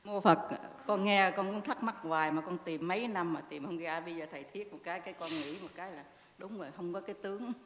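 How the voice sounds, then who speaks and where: A woman student speaking quickly and laughing as she shares a question. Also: fairly low pitch, a bit bright, a little hiss or hum. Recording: distant, reverberant hall.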